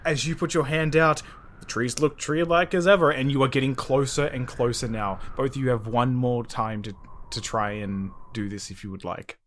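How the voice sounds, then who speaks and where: A man running a tabletop role-playing game as game master, narrating scenes slowly and deliberately. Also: medium pitch, fairly even intonation, fairly bright tone, slight background noise.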